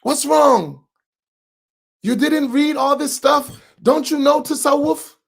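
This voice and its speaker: A man with an American accent, an imam preaching a sermon with rising shouts and repeated rhetorical questions. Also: very high voice, steady tone, takes it slowly, creaky. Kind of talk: impassioned sermon.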